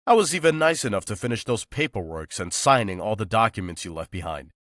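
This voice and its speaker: A man voicing an excitable young male werewolf who fusses dramatically over his best friend, in an audiobook. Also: fairly low pitch, normal speed, no room sound, clean studio sound. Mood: dramatic. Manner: dramatic, fussing, playful. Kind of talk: audiobook character voice.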